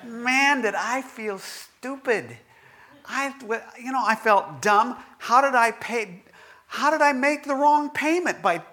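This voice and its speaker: A man giving a conversational devotional talk in a candid, self-deprecating storytelling manner, with halting restarts. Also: high-pitched, pushed and bright. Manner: halting restarts and filler words.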